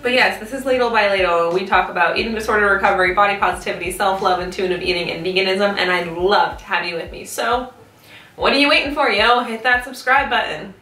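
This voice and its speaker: A woman's voice: medium pitch, fast, bright, forceful tone, slight background noise. A young woman chatting casually in a vlog while eating, talking with her mouth full and swearing freely. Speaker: YouTube vlogger. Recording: roomy echo, mic at a distance.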